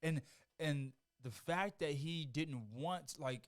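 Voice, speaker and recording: A man's voice: a little high, takes it slowly. A man guest on a podcast, telling stories in a laid-back casual chat and swearing freely.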